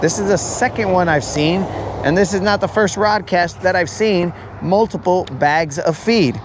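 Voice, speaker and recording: A man's voice: sits high, moderate pace, noisy background. A man chatting casually on a live fishing stream, rambling and joking as he acts out imagined callers. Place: outdoors on a lake.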